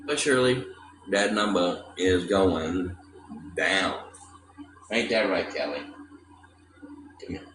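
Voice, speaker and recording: Streamer, man from Texas, low, unhurried drawl, gruff and teasing, cusses freely; roomy, noisy recording. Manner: gruff, profane, teasing, talks to his cat. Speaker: livestreamer. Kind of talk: casual livestream chat. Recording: echoey room with loud ambient noise.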